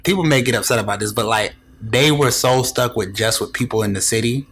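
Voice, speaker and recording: A man's voice: medium pitch, fairly quick, fairly bright tone, slight background noise. A man in his twenties from Rochester, New York, speaking earnestly as a podcast guest in casual chat.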